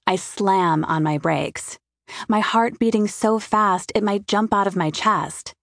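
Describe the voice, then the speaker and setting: A woman's voice: medium pitch, slow pace, gravelly, no echo. A woman giving a wry, intimate first-person audiobook narration, recorded in a studio. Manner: wry, intimate inner monologue.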